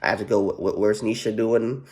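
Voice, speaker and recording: A man's voice: on the low side, steady tone, fairly quick, a little mellow. A man vlogging in a rambling, profane way, full of "you know what" fillers and repeats. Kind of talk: casual rambling commentary.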